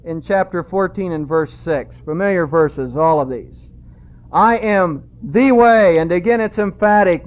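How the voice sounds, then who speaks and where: A man preaching a sermon, emphatic and repeating key phrases, slowing down when he quotes scripture. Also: high-pitched. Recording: dull lo-fi sound.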